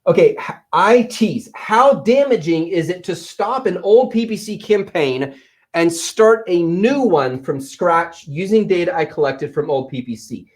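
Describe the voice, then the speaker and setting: Man, 30s, live-stream Q&A host, coaching tone, energetic, playful, fairly high voice, very lively pitch. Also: unhurried. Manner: energetic, animated, playful teasing. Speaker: livestream host and Amazon seller coach. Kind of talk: live-stream Q&A, answering chat comments. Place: office.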